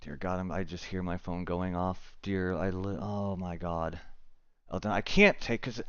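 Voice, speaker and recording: A man's voice: low voice, fairly even intonation, measured pace, smooth, dry recording, highs cut off. A man streaming a chess game live, muttering to himself and swearing in frustration as he plays. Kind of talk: live gaming commentary.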